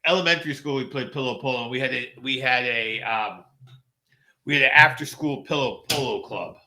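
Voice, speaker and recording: A man's voice: mid-range voice, fairly quick, bright, forceful tone, a little hiss or hum. A middle-aged man chatting casually as a podcast co-host, rambling and restarting his sentences. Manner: rambling, many fillers and restarts, laughs easily. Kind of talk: casual chat.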